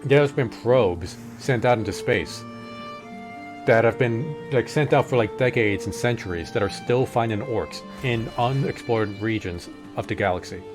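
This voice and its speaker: A man's voice: mid-range voice, measured pace, over music. A man streaming a game and chatting casually, wandering through long lore explanations with plenty of fillers. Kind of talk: casual gaming chat.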